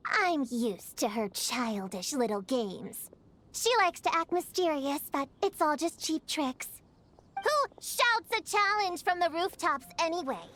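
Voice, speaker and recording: A fairly high, sharp-tongued young witch girl, dismissive and quick to flare into shouting. She speaks with scorn and a lively swing of pitch. A video game character with a short fuse. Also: a little hiss or hum, heavily acted. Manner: scornful, easily riled, shouts when angry. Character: proud, hot-tempered young witch girl.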